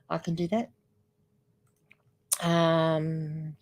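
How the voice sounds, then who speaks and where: A grandmotherly older woman chats loosely through a livestream, her voice sitting a little low. She rambles from one thought to the next and reads viewer comments aloud as she goes. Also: fairly even intonation, drawn-out words, long pauses, darkish tone. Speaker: livestream host. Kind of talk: casual livestream chat.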